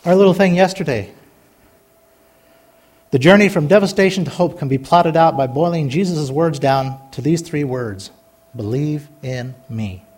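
A man's voice: a little high, normal speed, a little mellow, husky. A man preaching a sermon, reading scripture with folksy asides and building to a fervent exhortation. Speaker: pastor.

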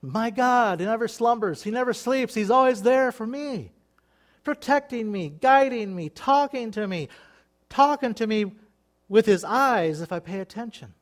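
A middle-aged man preaching an informal sermon in a folksy, animated way, often laughing and acting out voices. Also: very high-pitched, measured pace.

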